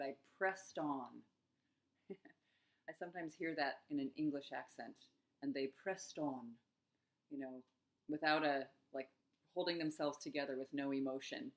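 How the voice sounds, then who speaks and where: Speaking in a low voice, this middle-aged coach talks gently and reflectively about struggles with eating. Her self-help musings are broken up by quiet laughter.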